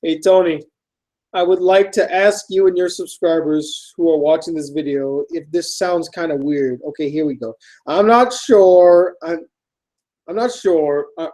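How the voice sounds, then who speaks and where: A man with a high, light voice reads viewer letters on his vlog. He reacts to each line out loud, swinging between sudden loud outbursts and low, trailing mumbles, with casual swearing mixed in. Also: poor audio. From United States. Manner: animated, reacting aloud, swears casually, drifts from loud exclamations to quiet mumbles. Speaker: YouTube host reading fan mail. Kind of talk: casual fan-mail reading vlog.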